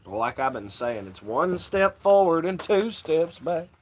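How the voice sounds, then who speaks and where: A man's voice: fairly high pitch, big pitch swings, a little slow, a little hiss or hum. A man hosting a casual livestream, rambling and swearing freely and laughing often. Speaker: livestream host.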